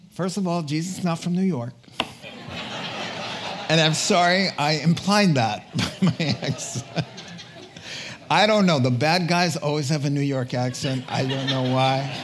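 Energetic higher-voiced male preacher. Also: slight background noise. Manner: energetic, exhorting, repeats words for punch; jokey asides, laughs at himself. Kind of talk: sermon.

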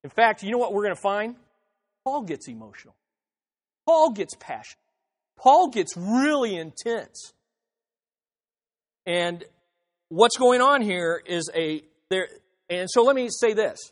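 A man's voice: high-pitched, very animated, unhurried, pauses often. A man preaching an expository sermon, emphatic, repeating phrases and acting out the objections he quotes. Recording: reverberant hall.

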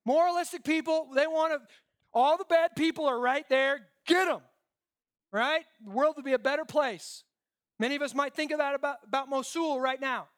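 Male preacher, animated sermon delivery, acts out quotes, rhetorical questions. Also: extremely high pitch, normal speed, long pauses. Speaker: pastor.

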